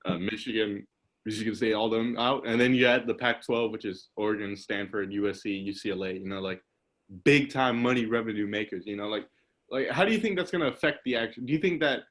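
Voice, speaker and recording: A man's voice: lowish voice, brisk, a bit bright. A young man hosting a casual podcast over a video call, telling stories in a rambling way with lots of "like" and laughter. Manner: rambling storyteller, laughs often, says "like" a lot. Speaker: podcast host. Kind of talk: casual chat.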